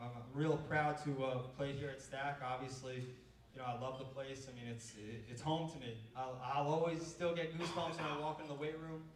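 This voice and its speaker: A man's voice: mid-range voice, recorded from a distance. A young man, a college baseball coach giving a speech to an audience. He tells stories in a loose, rambling way, full of fillers like "you know.". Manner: rambling, filler-heavy storytelling. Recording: roomy sound from off-mic.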